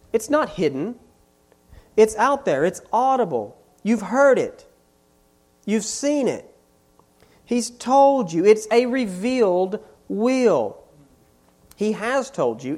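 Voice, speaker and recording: A preacher delivering a sermon at an unhurried pace, leaning hard on repeated phrases. The voice swoops up and down with lively, animated pitch, pressing each point home with growing force. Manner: emphatic, repeats key phrases with rising force. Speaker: pastor.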